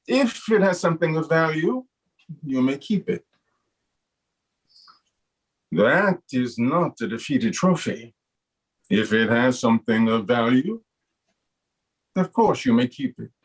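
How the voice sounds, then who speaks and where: A man plays a stern male official who asks his questions in clipped, measured lines. The voice is slightly husky, and its pitch moves a good deal across each sentence. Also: big pitch swings, poor audio. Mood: firm. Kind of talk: voice acting read in a recording session.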